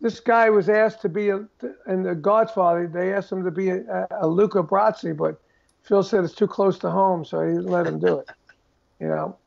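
An older man, telling animated stories in a casual interview and acting out the voices of the people in them. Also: high voice, normal speed, vocal fry, dull audio. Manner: animated storyteller who acts out quoted voices. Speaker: guest drummer telling stories.

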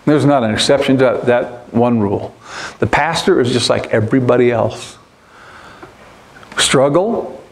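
A man preaching a sermon as pastor in a church, earnest and emphatic, repeating his key points. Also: mid-range voice.

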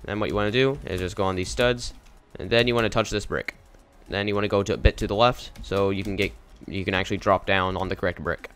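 A man's voice: on the low side, steady tone, fast talker, few pauses, fairly bright tone, clear, resonant tone. A young man casually talking through a game walkthrough in a rambling, offhand way. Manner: rambling, casual, easily confused. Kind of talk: casual gameplay commentary.

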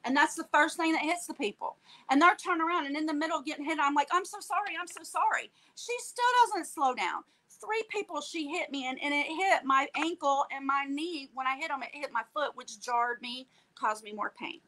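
A woman's voice: sits high, brisk, few pauses, poor audio. A woman telling a personal story with feeling, acting out the dialogue and often checking in with "okay?". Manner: animated, acts out quoted dialogue, tags lines with "okay?". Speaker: guest telling her story.

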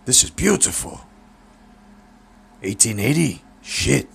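A man voicing an older male boxing trainer who is gruff, blunt and teasing. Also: mid-range voice, sing-song, slow, pitched above the performer's own voice, exaggerated voice.

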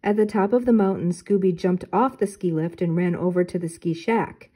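Older woman, children's book read-aloud, mellow soft tone, clear and even. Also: on the low side, moderate pace. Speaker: storybook reader.

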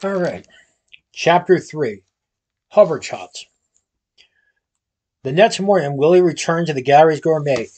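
A man reads a storybook aloud in a steady, even manner, now and then going back over a word. His voice sits a little high for a man and has a husky grain. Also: measured pace, long pauses. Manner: steady reading with occasional restarts. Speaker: storybook reader.

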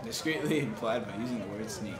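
A man's voice: fairly low pitch, fast talker, crowd noise. A young man joking his way through game commentary as a gaming channel host. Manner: joking, animated. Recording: echoey room with noise.

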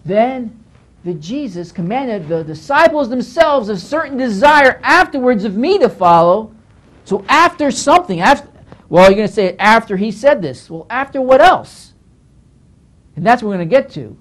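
A pastor gives a Bible teaching lecture in a lively, widely swinging voice pitched extremely high, moving at a moderate pace. He speaks emphatically, scolds at times, and repeats phrases as he works through each point.

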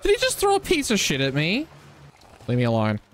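A man giving loud, joking live commentary as he plays a game, swearing and teasing his chat. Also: a little high, brisk, a little hiss or hum. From Australia. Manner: excitable, swears freely, teasing banter with chat. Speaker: streamer.

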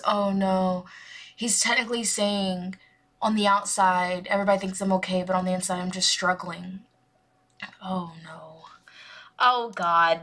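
A young woman talks through a music video in a loose, rambling way, full of ums and restarts. Her voice sits at a middle pitch for a woman. She gushes openly as she reacts. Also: a bit bright. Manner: rambling and gushing, many fillers. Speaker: music reaction channel host. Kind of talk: casual reaction commentary.

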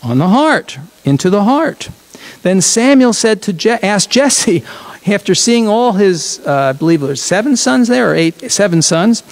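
A man's voice: high voice, big pitch swings, unhurried, rough recording. A man leading a congregation in a chatty, reflective sermon, often correcting himself mid-phrase. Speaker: congregation leader.

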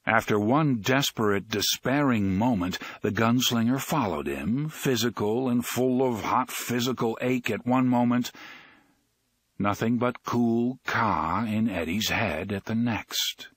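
A man reading a novel aloud as an audiobook narrator, in an expressive, dramatic way. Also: medium pitch, measured pace, slightly rough, no echo.

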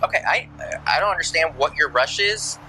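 A man's voice: fairly high pitch, animated, brisk, music in the background, poor audio. A police officer, a man, giving patient, repetitive sobriety test instructions at the roadside at night.

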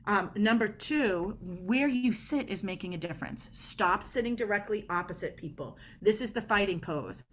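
A woman guest on a podcast explaining body language in an energetic, emphatic way. She often acts out little quoted dialogues as she makes her points. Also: medium pitch, normal speed, few pauses, slight background noise. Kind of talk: animated podcast conversation.

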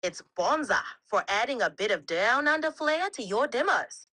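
A synthetic woman's voice putting on a thick Australian accent, talking in a slangy, drawn-out, cheery way. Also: fairly high pitch, expressive, bright, forceful tone, low-quality recording. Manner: slangy, laid-back, drawn-out.

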